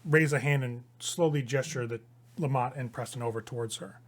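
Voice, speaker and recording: A man narrating as the game master of a tabletop role-playing game, in a lively, animated way. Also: medium pitch, fairly quick.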